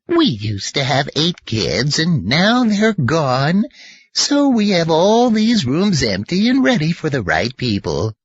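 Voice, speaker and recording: Sweet old grandma landlady, man doing her, chatty, pitch swoops around, slow, breathy. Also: wildly swooping pitch, no room sound, highs cut off, exaggerated voice. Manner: chatty, gentle, homey.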